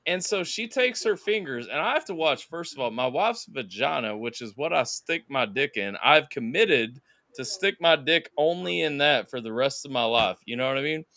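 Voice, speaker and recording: A man's voice: medium pitch, expressive, normal speed, sharp tone, dry recording, clean studio sound. A young man hosting a stream, telling a crude story in casual chat, acting out sounds and voices. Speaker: streamer host.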